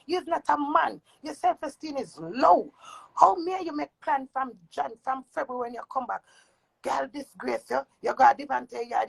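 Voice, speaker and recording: A woman's voice: a little high, vocal fry, breathy edge, rough recording. A woman with a Jamaican accent in a heated, cursing rant, speaking in patois. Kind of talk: angry rant.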